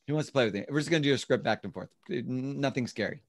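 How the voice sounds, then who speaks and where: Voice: medium pitch, fast talker. An instructor teaching an online class over a video call, explaining step by step and acting out sample lines. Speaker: real estate class instructor.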